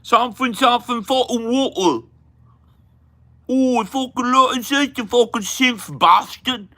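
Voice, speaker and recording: A man doing a shouty slurred Cockney thug. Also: extremely high pitch, unhurried, voice pushed up, exaggerated voice. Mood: rowdy. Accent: mock thick Cockney. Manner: slurred, shouty, profane gibberish. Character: mumbling rough Cockney film thug, male.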